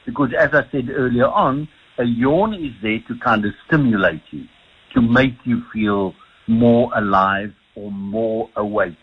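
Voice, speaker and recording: A South African man on a radio call-in, a doctor explaining things slowly. His voice is husky and the line is dull and lo-fi. He restarts and repeats words as he thinks. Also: medium pitch. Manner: hesitant, repeats words often. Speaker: sleep doctor guest. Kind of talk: radio phone-in interview.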